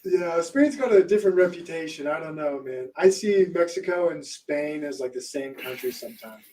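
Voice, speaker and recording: A man's voice: on the high side, animated, moderate pace, warm tone. A man co-hosting a casual podcast, musing in a laid-back way and often trailing off mid-thought. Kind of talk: casual chat. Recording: distant mic with faint noise.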